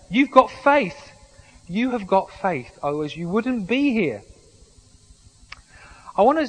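A man's voice: high voice, rough recording. A man preaching a sermon in a conversational way, with humorous asides and frequent restarts. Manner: conversational, self-deprecating humour, frequent restarts. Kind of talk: sermon with anecdotes.

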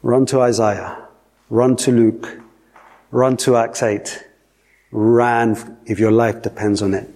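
A man's voice: mid-range voice, flat delivery, slow pace, pauses often, mellow. A man preaching a sermon, repeating phrases for emphasis and asking the listeners questions. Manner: repetitive, emphatic, asks the audience questions.

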